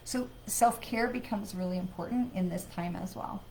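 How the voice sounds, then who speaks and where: A woman's voice: medium pitch, normal speed, heavy background noise. A woman, a psychic medium, hosting a live card reading in a chatty way, with sighs and filler words. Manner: conversational, with frequent fillers and sighs; greets viewers by name.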